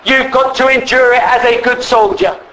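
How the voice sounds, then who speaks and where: A man's voice: extremely high pitch, fairly even intonation, moderate pace, sharp tone, a little hiss or hum, low-quality recording. A man preaching in a church, telling a story in a conversational way, repeating words and asking the listeners questions. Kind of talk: storytelling sermon.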